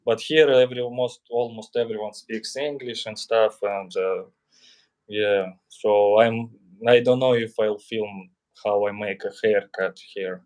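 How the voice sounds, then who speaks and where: A man's voice: lowish voice, fairly even intonation, measured pace, darkish tone. A man streaming in a casual chat, hesitant and full of fillers. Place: in Serbia.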